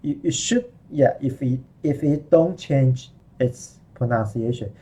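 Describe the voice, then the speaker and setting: Man, language teacher, slow unhurried delivery, repeats and restarts, live online lesson. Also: medium pitch, warm tone, husky. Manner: slow, repetitive explaining with frequent "okay" and restarts. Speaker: Mandarin teacher.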